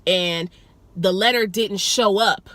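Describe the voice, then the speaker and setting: A young woman telling a wild passenger story in an animated, profane vlog style, acting out the quotes as she goes. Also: mid-range voice, takes it slowly.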